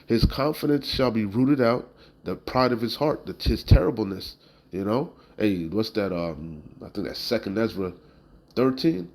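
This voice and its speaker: In a lowish, expressive, slightly mellow voice at a moderate pace, a man preaches by reading scripture and then explaining it in blunt, emphatic street-style language. He peppers it with "you know?" and occasional profanity, and the recording is rough.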